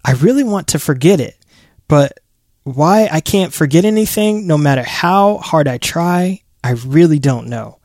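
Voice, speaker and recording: A man's voice: a little high, animated, a little slow, darkish tone, dry recording, studio quality. A man co-hosting a podcast, reading listener questions aloud in a casual manner.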